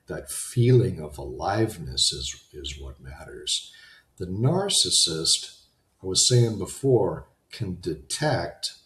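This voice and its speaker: Recorded in an echoey room, a low-pitched man gives a loose, unscripted motivational talk as a self-help host, conversational and rambling, repeatedly restarting what he's saying.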